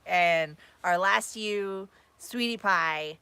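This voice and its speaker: A woman's voice: on the low side, drawn-out words, sharp tone, clear, resonant tone, no echo. A woman from the American South chatting easily as co-host on a live stream. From Southern United States. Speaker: co-host, host's wife. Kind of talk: casual live-stream chat.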